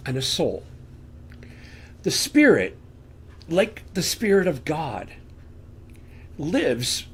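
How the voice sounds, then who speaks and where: A man's voice: on the high side, a little hiss or hum. A man giving an earnest, conversational Bible teaching from a room at home, asking rhetorical questions into a desk microphone. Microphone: desk microphone on camera.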